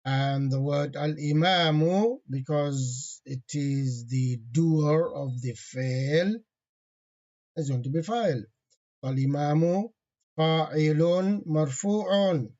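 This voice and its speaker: A man teaching an online grammar lesson, patiently repeating key terms and running quickly through analysis phrases. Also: fairly high pitch, a little mellow, muffled recording.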